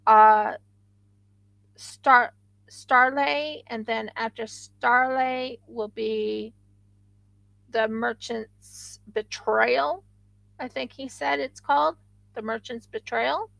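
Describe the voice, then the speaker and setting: A woman's voice: fairly high pitch, steady tone, very slow, vocal fry, a bit bright, no room sound, rough recording. A woman hosting a craft livestream, chatting casually and rambling with frequent restarts.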